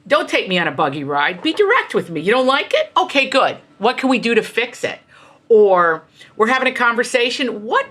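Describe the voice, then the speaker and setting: With a sharp tone and mid-range voice, a middle-aged American woman shares family stories as an interviewed author and guest. Her delivery is passionate and emphatic, full of quoted voices, in an animated conversational style.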